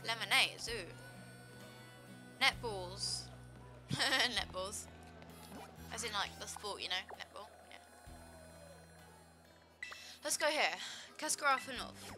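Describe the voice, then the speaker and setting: A woman's voice: a little high, animated, slow pace, pauses often, music in the background, low-quality recording. A woman giving casual commentary over her gameplay in a bubbly, chatty way, saying like a lot. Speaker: gaming video host.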